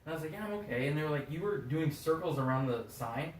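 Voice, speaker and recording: A man's voice: a little high, lively intonation, fast talker. A young man co-hosting a podcast, talking candidly and casually, swearing now and then. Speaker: podcast co-host. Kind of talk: casual chat. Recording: echoey room, far from mic, faint noise.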